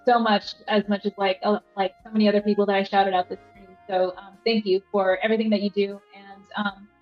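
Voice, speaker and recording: A woman's voice: mid-range voice, level tone, brisk, soft background music. A young woman hosting a casual livestream, rambling with lots of fillers and reading chat aloud from a rented apartment. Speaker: livestream host. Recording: roomy, slightly dull sound.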